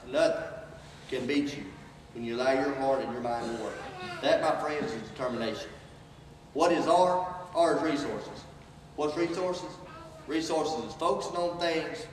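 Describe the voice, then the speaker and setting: A man's voice: mid-range voice, a little hiss or hum. A man giving an inspirational speech, preaching with call and response that rises to emphatic peaks. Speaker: motivational speaker. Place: large hall. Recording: echoey hall from far off.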